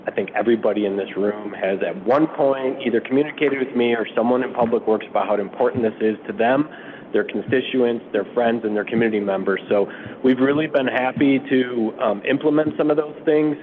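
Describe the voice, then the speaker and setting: Brief: man, raspy from allergies, municipal staff presenter, casual and filler-heavy; narrow phone-band sound. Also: fairly quick. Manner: informal, many fillers. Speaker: public works official presenting to city council. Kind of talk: briefing at a council retreat. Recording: phone-like, muffled sound with faint rumble.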